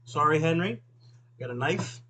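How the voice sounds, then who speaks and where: A man's voice: fairly high pitch, animated, normal speed, pushed and bright, slight background noise, low-quality recording. A man rambling casually with lots of fillers while he cooks at home, talking to a friend off camera. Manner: rambling, filler-heavy, self-deprecating. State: eyes watering from onions. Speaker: video host. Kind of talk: casual chat while cooking.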